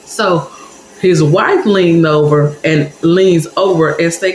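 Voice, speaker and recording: A woman's voice: lowish voice, slow, reverberant, slight background noise, poor audio. A woman telling a personal story to her viewers in a chatty, casual way, talking straight to them. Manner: animated, chatty, addresses viewers directly.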